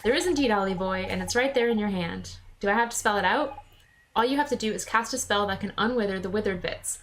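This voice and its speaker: A woman's voice: medium pitch, fast talker, a little hiss or hum, lightly acted. Woman doing a lilting fairy sidekick. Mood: teasing. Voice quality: lilting, folksy turns of phrase. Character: cheeky little male fairy sidekick, chatty. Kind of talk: reading game dialogue aloud. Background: game music.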